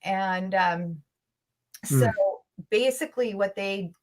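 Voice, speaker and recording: A woman's voice: medium pitch, a bit bright. A woman guest in an interview recounting a personal story earnestly and urgently, with frequent restarts. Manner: emotional, intense storytelling.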